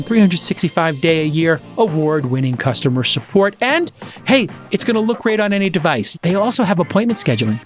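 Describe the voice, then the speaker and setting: A man hosting a podcast, chatting casually and jokingly, then reading an upbeat ad. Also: sits high. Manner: animated, jokey, salesy in ad reads. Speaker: podcast host. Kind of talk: casual chat and host-read ad.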